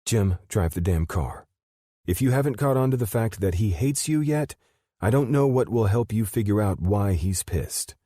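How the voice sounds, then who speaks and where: A man's voice: fairly low pitch, lively intonation, normal speed, dark tone, no room sound, studio quality, voice pushed up. A man voicing a snappish, exasperated young mother. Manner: snappish and frustrated.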